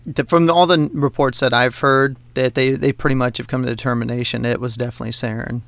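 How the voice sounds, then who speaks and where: A man's voice: medium pitch, flat delivery, quick pace, creaky, a bit bright, no room sound. A man co-hosting a podcast, ranting heatedly about politics, swearing constantly and laughing between points. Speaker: podcast co-host. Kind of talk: profane political rant.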